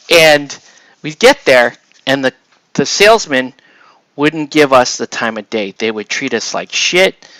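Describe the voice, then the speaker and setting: A man's voice: medium pitch, expressive, takes it slowly, long pauses, pushed and bright, no echo. A man casually telling a long personal story while painting, rambling with many restarts and tag questions. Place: home hobby room.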